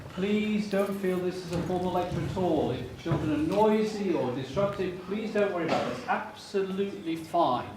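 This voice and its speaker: A high-voiced man gives a lively, joking science lecture, talking straight to the children in front of him. He is recorded from the back of a lecture theatre, so the sound is distant and roomy. A faint hiss sits under his voice. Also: normal speed, hardly any pauses. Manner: jokey and playful, talks directly to children in the audience. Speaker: chemistry professor giving a lecture. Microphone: fixed camera from far off. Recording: echoey lecture hall from far off.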